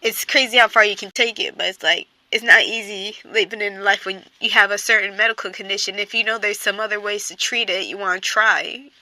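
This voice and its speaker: Young woman, casual storytime vlog, rambling with lots of fillers, crisp bright tone, dry close mic. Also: mid-range voice, steady tone, a little fast, hardly any pauses, dry recording. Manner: rambling, filler-heavy, with frequent "like" and "I'm here like". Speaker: vlogger telling a personal story.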